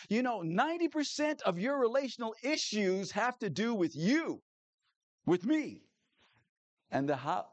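Male pastor, lively and animated delivery, dry close sound. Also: high voice, no echo. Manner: animated, repeats key phrases, asks the audience "okay?". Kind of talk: sermon.

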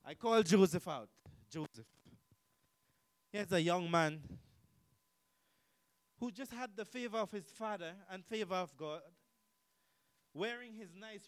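A man preaching a sermon, asking the listeners questions and repeating key lines, swinging from loud to quiet. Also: sits high, dry recording, poor audio. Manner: emphatic, repetitive, rhetorical questions, swings between loud and quiet.

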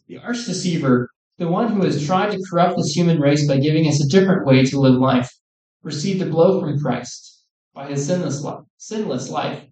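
Male preacher, earnest sermon delivery, slightly high voice, far off in an echoey hall. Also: darkish tone. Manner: earnest, measured, quoting scripture. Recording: echoey room, distant mic.

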